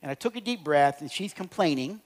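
Animated middle-aged man telling stories. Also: on the high side, brisk. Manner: animated, swings from loud to quiet. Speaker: speaker on relationships. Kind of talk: humorous storytelling talk to an audience.

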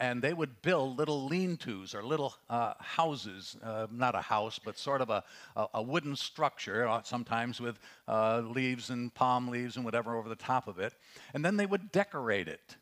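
Male pastor, mid-pitched, casual sermon delivery, punches up questions. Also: a bit bright. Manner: conversational preaching, rising to emphatic questions.

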